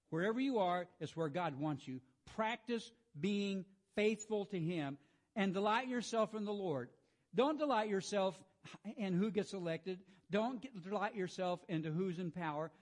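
A man giving a devotional sermon. He reads scripture in a soft, hushed voice, then urges his listeners on with rising emphasis, clearing his throat often. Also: sits high. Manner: frequent throat clearing and restarts. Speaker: preacher.

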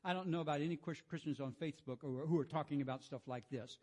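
A man giving a devotional sermon. He reads scripture in a soft, hushed voice, then urges his listeners on with rising emphasis, clearing his throat often. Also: fairly high pitch, racing, slight background noise. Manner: frequent throat clearing and restarts. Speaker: preacher.

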